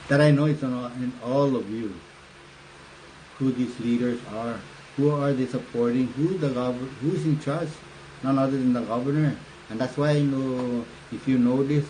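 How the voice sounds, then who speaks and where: Older island man, livestream political talker, halting and rambling, mid-pitched, faint background hum. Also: warm tone, low-quality recording. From Northern Mariana Islands. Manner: rambling, halting, frequent fillers and laughs. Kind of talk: casual livestream talk. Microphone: phone or webcam livestream.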